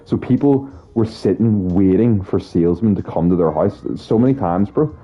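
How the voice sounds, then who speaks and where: A man's voice: fairly low pitch, normal speed. A young man chatting casually to his stream audience, swearing a lot as he tells rambling stories. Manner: profane, rambling, animated storytelling. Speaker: streamer talking to chat. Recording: slightly dull sound with faint music. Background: faint music.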